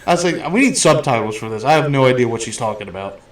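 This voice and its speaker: Fast-paced with a medium-pitched voice, a male podcast host gives a loose, profane take on a movie. He's blunt throughout and tells stories animatedly.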